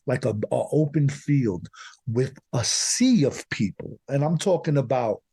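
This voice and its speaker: A man's voice: medium pitch, animated, measured pace, creaky, warm tone, slightly rough, dry recording. A man from the Bronx, a podcast guest telling a personal story in a rambling way, full of "like" fillers. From Bronx, New York.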